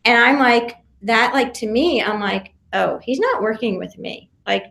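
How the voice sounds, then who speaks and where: Female guest, high voice, animated storyteller who acts out quotes, roomy echo. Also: gravelly. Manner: talks fast with many restarts and fillers, acts out quotes. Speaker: podcast guest, reality show contestant.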